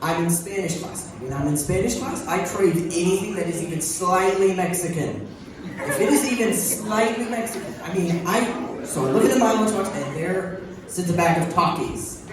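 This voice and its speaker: A man's voice: high-pitched, expressive, normal speed. Teen boy telling stories in an echoey hall. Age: young teen. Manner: rambling, laughing through his own jokes. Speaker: student comedian. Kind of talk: stand-up storytelling. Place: large school hall with an audience. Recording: very echoey hall, crowd and noise from far off.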